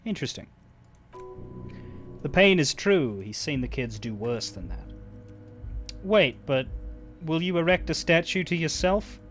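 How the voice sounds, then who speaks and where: A male streamer reading game dialogue aloud, halting now and then over a word. His voice sits a little high and has a lively range. Faint game music plays in the background. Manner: halting reading with small stumbles.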